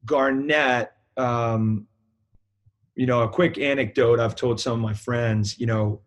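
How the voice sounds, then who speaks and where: A man's voice: medium pitch, steady tone, slow pace. A man with a New England accent, a basketball program director, telling a long anecdote in a casual interview with many fillers and restarts.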